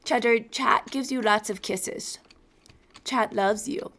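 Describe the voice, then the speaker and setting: A young woman streaming a game from home on a boom-arm mic, chatting casually and talking to her cat in between. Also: slow pace, fairly bright tone. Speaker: gaming streamer. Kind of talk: casual gameplay chat.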